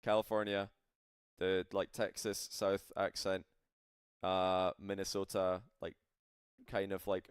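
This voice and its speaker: A man's voice: sits low, level tone, measured pace, clear, resonant tone, no echo, clean studio sound. Chatty man casting to stream chat. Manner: chatty, rambling, addresses chat. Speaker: esports caster. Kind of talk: casual live-stream commentary.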